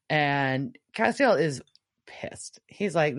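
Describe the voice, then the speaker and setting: Low-voiced woman recapping an episode. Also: big pitch swings, moderate pace, no echo, clean studio sound. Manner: chatty recapping with many fillers. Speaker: podcast co-host.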